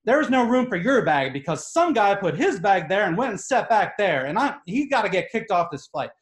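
A man voicing an angry woman passenger who shouts and accuses, in an echoey room. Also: sits high, big pitch swings, fairly quick, voice pushed up. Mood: angry, accusing.

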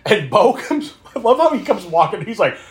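A man co-hosting a podcast, retelling a horror movie in animated, laughing, swearing casual chat. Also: sits high, moderate pace. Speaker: podcast co-host.

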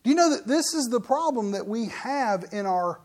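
A man's voice: very high-pitched, lively intonation, moderate pace, darkish tone. A middle-aged man preaching a sermon as pastor, in a folksy, joking, conversational way.

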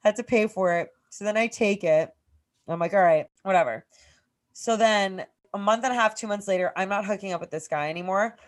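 A woman in her thirties from Massachusetts, co-hosting a podcast and telling a long personal story in casual, profane speech full of "like". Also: on the low side. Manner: profane, rambling, heavy use of "like". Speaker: podcast co-host.

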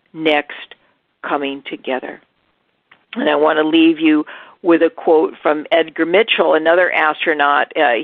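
A woman hosting a spiritual talk show, speaking slowly and earnestly in a reflective monologue. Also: deep voice, creaky, no echo, narrow, tinny audio. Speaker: host.

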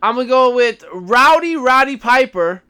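A man's voice: very high voice, lively intonation, normal speed, bright, forceful tone, clear, resonant tone. A man co-hosting a podcast, chatting casually and laughing as he lists and explains his picks. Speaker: podcast co-host. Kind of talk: casual wrestling chat.

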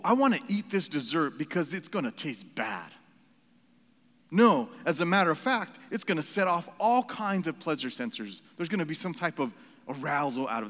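Pastor, male, fairly high voice, earnest and emphatic sermon with a long hall echo. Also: fairly bright tone. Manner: earnest, emphatic preaching with repeated phrases and asides. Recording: reverberant hall.

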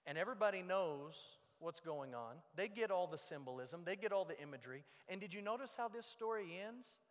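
A man preaching a sermon as pastor, moving between loud emphasis and hushed low lines. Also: lively intonation, brisk. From United States. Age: young adult or middle-aged. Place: church sanctuary. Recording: long reverb of a large hall.

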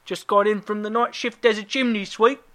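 A man's voice: high voice, fairly even intonation, brisk, a bit bright, pitched above the performer's own voice. A man doing a cheeky flirting British baker. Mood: flirty. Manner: flirty, hammy.

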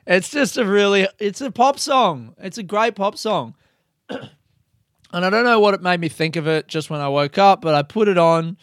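A man's voice: medium pitch, a bit bright, clear, resonant tone, dry recording, studio quality. A young man hosting a podcast alone, telling a rambling story in a casual way, swearing freely and laughing at himself. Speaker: podcast host.

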